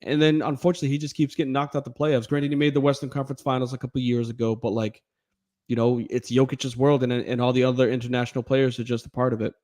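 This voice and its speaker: A man's voice: medium pitch, level tone, fast, darkish tone. A man co-hosting a sports podcast, talking casually and animatedly with laughs and playful mock voices. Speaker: podcast co-host.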